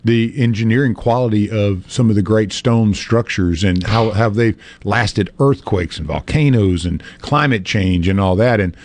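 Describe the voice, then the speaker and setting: A man's voice: lowish voice, normal speed, hardly any pauses, darkish tone. A man joining a talk radio chat, folksy and emphatic.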